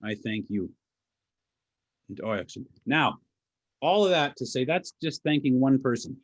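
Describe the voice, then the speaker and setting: A man from Alaska, a language teacher and speaker, delivers a lecture with audience questions, patiently explaining pronunciation step by step. His medium-pitched voice is lively in intonation and unhurried, with dry, self-deprecating humor. The recording is lo-fi, with no room sound.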